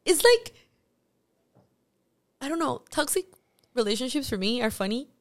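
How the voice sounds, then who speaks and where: A woman, an actress guest talking candidly on a podcast interview, animated and often restarting her sentences. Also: high-pitched, moderate pace.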